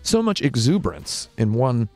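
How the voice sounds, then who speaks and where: A man hosting a casual interview in a small studio, deadpan and rambling, with music behind. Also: mid-range voice, moderate pace, dry recording. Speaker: host.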